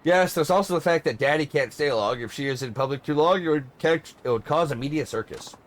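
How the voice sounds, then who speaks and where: A man voicing a polite, formal male secretary and bodyguard, speaking in a measured, explanatory way. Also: on the high side, close to an everyday voice.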